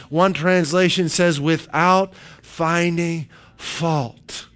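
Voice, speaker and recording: Slow, clear-voiced male preacher. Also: fairly high pitch, fairly bright tone. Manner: emphatic preaching with repeated phrases and scripture quotes. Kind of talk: sermon.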